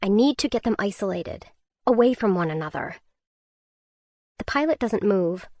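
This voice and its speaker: Young woman, audiobook narrator, first-person thriller, tense measured delivery, mid pitch, dry close sound. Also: expressive, darkish tone, no room sound.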